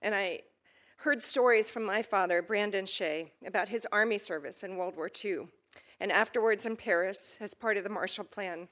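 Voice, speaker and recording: An earnest woman in her fifties from the United States delivers formal prepared testimony before a committee. Her voice is measured and steady, carries at a middle pitch, and now and then turns emotional. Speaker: ambassador nominee testifying. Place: committee hearing chamber.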